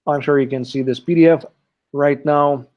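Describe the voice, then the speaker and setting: A man's voice: a little high, fairly even intonation, moderate pace, darkish tone. A man teaching an English class live online, explaining step by step and checking in often with "okay", heard through a computer mic on a video call. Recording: dull lo-fi online call audio.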